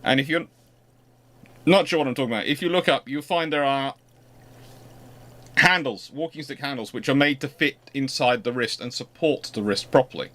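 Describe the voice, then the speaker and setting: A man's voice: medium pitch, moderate pace, pauses often, fairly bright tone. A man hosting a livestream, chatting casually and rambling with frequent restarts. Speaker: host.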